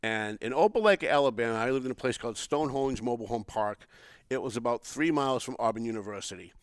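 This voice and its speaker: A man's voice: mid-range voice, expressive, quick pace, clear, resonant tone, no room sound. A man from the area, hosting a podcast and telling a long story with lots of restarts. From Boston area. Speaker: podcast host. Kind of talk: casual political chat.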